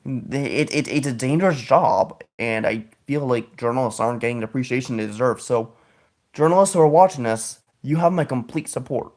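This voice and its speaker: A male podcast host delivers a loose, opinionated monologue at a mid-range pitch. He rambles from point to point, often restarting sentences and correcting himself as he goes. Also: normal speed, darkish tone. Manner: opinionated, politically outspoken.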